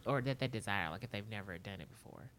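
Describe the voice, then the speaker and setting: Woman on a podcast, low-key and teasing, voice drops quiet at the ends. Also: fast talker. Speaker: podcast co-host. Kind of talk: casual chat.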